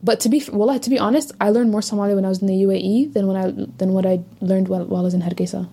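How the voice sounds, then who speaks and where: Fast-talking young woman, husky and dark. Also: mid-range voice. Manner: fast, animated, teasing. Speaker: podcast co-host. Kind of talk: casual chat.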